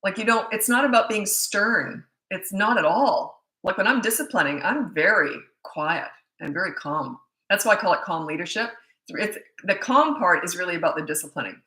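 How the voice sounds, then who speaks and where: Woman, 60s, parenting coach, casual live Q&A, bright voice, echoey room. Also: medium pitch, lively intonation, moderate pace. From Canada. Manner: chatty, warm-hearted, laughs easily, reads questions aloud. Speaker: parenting coach answering viewer questions.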